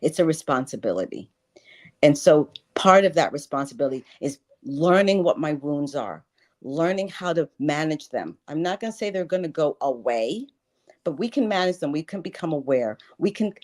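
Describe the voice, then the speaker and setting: A woman in her sixties with a notably low voice talks earnestly as an interview guest. She speaks with conviction and repeats key phrases for emphasis. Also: expressive, normal speed, darkish tone. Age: 60s. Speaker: guest, life and wealth coach. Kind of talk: spiritual interview talk.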